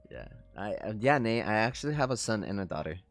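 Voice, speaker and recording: A man in his thirties hosting a trading livestream, telling stories in a laid-back, profane way and laughing often. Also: fairly low pitch. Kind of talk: casual livestream chat.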